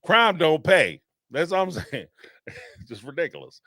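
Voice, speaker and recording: A man's voice: fairly high pitch, a little slow, dry recording, clean studio sound. A man hosting a live call-in show, talking in a casual, rambling way and laughing often. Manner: animated and rambling, laughs often, acts out quotes. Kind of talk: casual commentary on a live stream.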